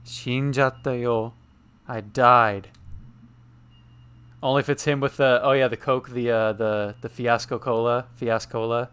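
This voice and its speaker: A man chatting his way through a game on stream, reading its lines aloud and translating them as he goes. His voice is smooth and clear, sitting at an ordinary middle pitch, and his tone stays relaxed and amused. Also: unhurried. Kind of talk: casual live-stream commentary with read-aloud translation.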